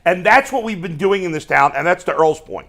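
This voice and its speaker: A man's voice: high-pitched, expressive, a little fast, fairly bright tone. A man hosting a sports talk show, arguing bluntly and emphatically with some swearing. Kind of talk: casual sports debate.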